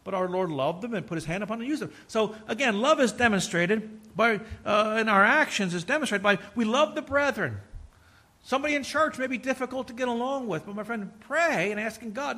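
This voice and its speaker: A man's voice: sits high, lively intonation, fairly quick, sharp tone. A man preaching a sermon as pastor, talking to the congregation in a conversational way with asides. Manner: conversational preaching with asides and quoted inner voices.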